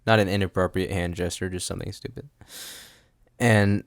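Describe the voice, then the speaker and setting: A man's voice: low-pitched, steady tone, normal speed, creaky, dry recording, studio quality. A man hosting a solo podcast at a home desk mic, rambling with goofy asides and frequent laughs. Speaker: podcast host. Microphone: studio microphone.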